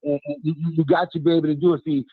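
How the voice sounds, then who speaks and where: A man's voice: fairly high pitch, level tone, racing, music in the background. A man calling in to a show, arguing emphatically and repeating his points like a rallying fan. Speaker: caller. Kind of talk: animated call-in argument. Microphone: phone. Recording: tinny dry phone line.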